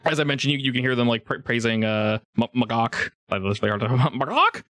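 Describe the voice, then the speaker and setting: A man's voice: mid-range voice, lively intonation, fairly quick, bright, forceful tone, dry recording. Man game master, rambling casual narration, dry recording. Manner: rambling, laughs often, many restarts.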